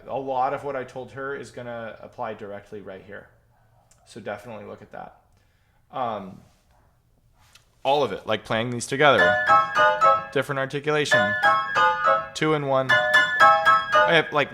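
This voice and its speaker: A man's voice: medium pitch, moderate pace, pauses often. A man teaching piano in a casual question-and-answer lesson, counting patterns aloud while he demonstrates at the keyboard. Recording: loud piano playing behind voice. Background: piano playing.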